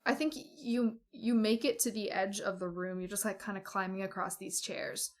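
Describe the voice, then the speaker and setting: A woman's voice: mid-range voice, fairly even intonation, moderate pace. Woman running a tabletop game. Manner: patient, explains rules, many restarts and "like". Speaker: game master.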